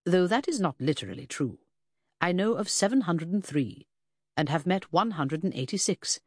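A woman's voice: on the low side, sing-song, normal speed, husky, no echo. A woman voicing a pedantic male Victorian detective in an audiobook, dry and precise. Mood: deadpan.

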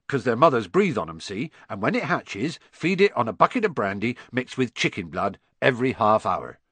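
A man voicing a big, kindly, gruff gamekeeper giant with a bluff, blustering way of talking, in an audiobook reading. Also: mid-range voice, fairly bright tone, no echo, voice pushed up. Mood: proud. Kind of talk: audiobook character voice.

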